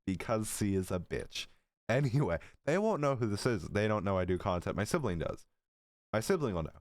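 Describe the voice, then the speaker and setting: A teenage boy with a low, deep voice tells stories in a giggly, rambling way, tossing in profane asides. His throat sounds a little dry, and the recording is close and dry, with no room sound. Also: very animated, a little fast, no room sound. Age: teens. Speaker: storytelling creator. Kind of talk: casual storytime vlog.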